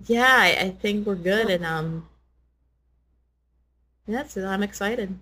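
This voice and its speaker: Woman, guest, casual chat, relaxed, medium pitch. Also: slow. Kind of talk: casual conversation.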